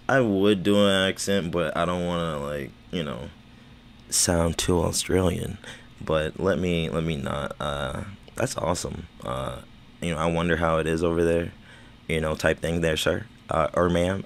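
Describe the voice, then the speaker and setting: Casting: slurring, stuttery man with a lowish voice, loose rambling livestream chat, casual cursing. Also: steady tone, unhurried, a little hiss or hum. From United States. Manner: stammering, repeats words, swears casually. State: slurring speech. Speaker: livestream host.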